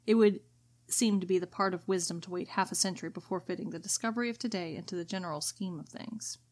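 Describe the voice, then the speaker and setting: A woman with a fairly low voice co-hosting a book discussion. She reads passages aloud and then explains them plainly. The sound is dry and close, with no room echo. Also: fast talker. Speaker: podcast co-host.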